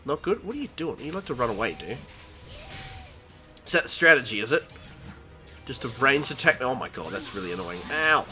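A young man hosting a gaming channel, excitedly commentating his own gameplay, talking to the characters on screen and laughing along. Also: mid-range voice, fairly quick, long pauses. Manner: excitable, yelps and laughs while playing, talks to the game. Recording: game music behind.

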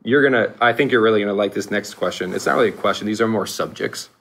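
A man co-hosting a casual podcast, animated, laughing often and restarting his sentences. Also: fairly low pitch, fast talker, gravelly, slightly rough. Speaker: podcast co-host.

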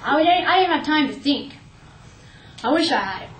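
Young woman, lively storyteller, higher voice, recorded in a roomy space. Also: normal speed, far from the mic, slight background noise. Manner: lively, animated retelling with quoted asides. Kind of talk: personal storytelling. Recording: echoey room, faint ambience.

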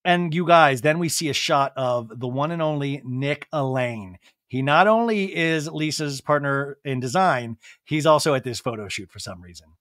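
A man hosting a comedy podcast, recapping a reality show in an animated way and breaking into campy impressions of the cast. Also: medium pitch, moderate pace, dry recording, studio quality. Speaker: podcast host.

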